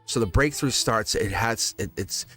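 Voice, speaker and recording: A man giving a live-stream tarot reading, teasing and animated, laughing often and acting out quotes. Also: fairly low pitch, moderate pace, soft background music. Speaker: tarot reader.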